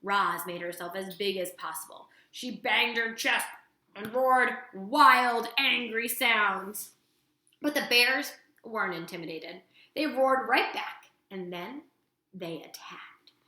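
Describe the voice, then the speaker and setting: A woman reading a children's novel aloud with animated, dramatic storytelling. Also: medium pitch, takes it slowly. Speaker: storybook reader. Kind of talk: expressive read-aloud narration. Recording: roomy echo.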